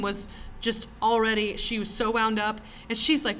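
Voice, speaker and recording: A woman co-hosting a podcast in a cellar, telling stories in casual chat as an animated storyteller who laughs often. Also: on the high side, fairly quick, few pauses. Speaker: podcast co-host.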